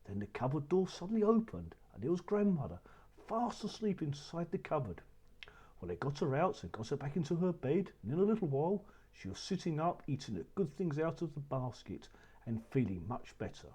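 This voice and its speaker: A man narrating a children's story with an expressive, animated telling. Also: on the high side, fairly quick, slightly rough.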